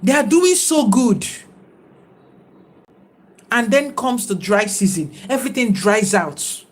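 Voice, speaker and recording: A woman's voice: on the high side, expressive, slow pace. Reflective woman livestreaming. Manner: reflective, preachy, greets viewers by name. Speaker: livestream host. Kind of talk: casual livestream talk.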